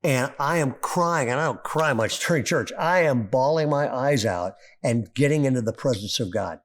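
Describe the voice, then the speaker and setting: A middle-aged male pastor preaching a sermon, telling a story with rising excitement. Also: mid-range voice, normal speed. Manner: animated storyteller, voice climbing when excited.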